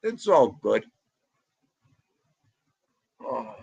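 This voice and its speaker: Husky, slow-talking livestream host. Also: male voice, mid-range voice, no room sound, lo-fi sound. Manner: animated, talks loudly, greets chatters by name. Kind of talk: casual livestream chat reading comments. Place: home room.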